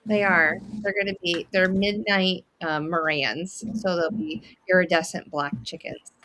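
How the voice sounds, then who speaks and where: A woman's voice: on the low side, fairly even intonation, unhurried, bright, forceful tone. A woman chatting casually as a guest, talkative and enthusiastic. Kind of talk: casual chat.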